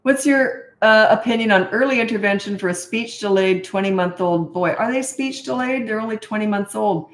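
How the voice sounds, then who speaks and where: A middle-aged woman coaching parents in a casual question-and-answer talk, frank and chatty, trailing off and restarting, climbing high when exasperated. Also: normal speed, hardly any pauses. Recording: echoey room.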